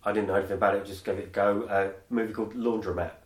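Lowish voiced guy rambling on a podcast, lots of ums, sounds a bit far from the mic in an echoey room. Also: steady tone, racing. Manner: rambling, hesitant with many ums. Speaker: podcast co-host. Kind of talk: casual chat. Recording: roomy echo, from far off the mic.

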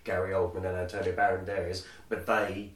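Lowish voiced guy rambling on a podcast, lots of ums, sounds a bit far from the mic in an echoey room. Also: little pitch movement, fairly quick. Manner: rambling, hesitant with many ums. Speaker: podcast co-host. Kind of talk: casual chat. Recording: roomy echo, from far off the mic.

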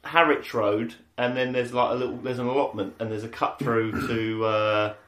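A man co-hosting a casual podcast chat, excitable and laughing through his storytelling. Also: medium pitch, normal speed, roomy sound. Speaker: podcast co-host.

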